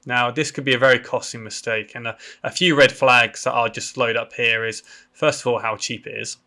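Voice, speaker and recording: A man's voice: mid-range voice, steady tone, fairly quick, sharp tone. A man from the UK hosting a property education channel, casually walking viewers through a land listing on screen. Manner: casual, explanatory, with fillers. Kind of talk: screen-share walkthrough.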